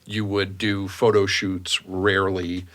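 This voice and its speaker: A man's voice: sits low, level tone, takes it slowly, fairly bright tone. A middle-aged man with a Boston accent hosting a podcast, chatting playfully with his guest. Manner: playful, jokey. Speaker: podcast host. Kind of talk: casual interview chat.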